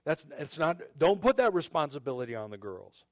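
This pastor's voice sits on the high side, brisk and sing-song. His sermon is conversational, full of repeated words and restarted sentences, and he turns between addressing the men and addressing the women.

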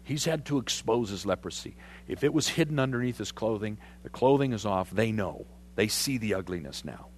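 A man preaching a sermon, animated and conversational, putting questions to his congregation. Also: on the low side, fairly quick, slight background noise. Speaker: pastor.

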